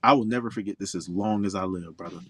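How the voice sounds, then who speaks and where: A man's voice: sits low, fast, no echo. A man in his forties from Florida, a pro golfer guest, telling stories in an outspoken, emphatic way. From Orlando, Florida. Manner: outspoken, emphatic, animated storyteller. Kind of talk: interview storytelling.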